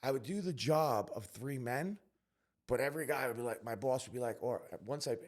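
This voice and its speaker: A man from New York, a podcast guest, telling his life story candidly, earnest and emphatic with quick restarts. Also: medium pitch, darkish tone.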